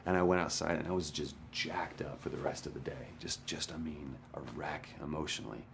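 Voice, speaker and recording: A man, an actor, candidly recounting a hard day on set in a documentary interview, sometimes dropping to a hush. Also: very deep voice, brisk, gravelly, background noise. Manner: candid, animated storytelling, drops to a hush for quotes. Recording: interview with score under it.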